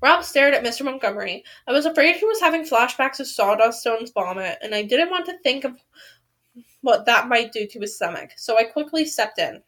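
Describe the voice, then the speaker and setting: A woman reading a novel aloud in an expressive way. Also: fairly high pitch. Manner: expressive, reacts loudly to the story. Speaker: reader of a book series.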